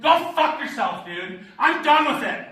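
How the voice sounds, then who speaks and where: A woman protester shouting profanely and defiantly at lawmakers in a legislative committee room. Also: sits high, big pitch swings, measured pace, reverberant, poor audio.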